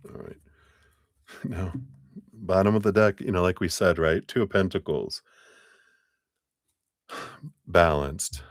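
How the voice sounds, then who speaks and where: A man with a very low voice reads tarot cards live for a client. He talks gently and loosely, drifting through his thoughts with plenty of fillers. The sound is dry, with no room echo. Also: slow pace, long pauses. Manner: casual, rambling, gentle, full of fillers. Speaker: tarot reader.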